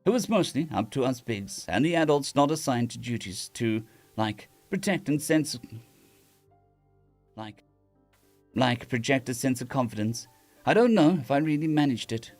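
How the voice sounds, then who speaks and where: A man's voice: medium pitch, expressive, normal speed, long pauses, a little mellow, faint music behind. A man reading a story aloud on a live stream, with casual restarts and asides to chat.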